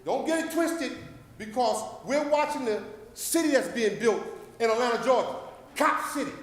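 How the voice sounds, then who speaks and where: High-voiced fervent man in an echoing hall. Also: expressive, normal speed. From Paterson, New Jersey. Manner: fervent, rambling, with sudden rises and drops in loudness. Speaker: public commenter at a city council meeting. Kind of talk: impassioned public comment, preacher-like. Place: city council chamber. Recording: echoey council chamber with long reverb.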